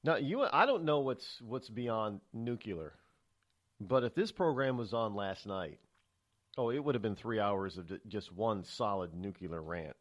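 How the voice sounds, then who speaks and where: His voice is fairly low and expressive, a little slow, as this New England man hosts a live morning call-in talk radio program. His chatty talk turns angry, and he rambles with frequent fillers and restarts.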